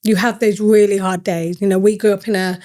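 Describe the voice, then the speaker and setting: A woman's voice: mid-range voice, level tone, brisk, mellow. A woman from the north of England, a CEO guest on a podcast, telling her story in an earnest, reflective way. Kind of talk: podcast interview conversation.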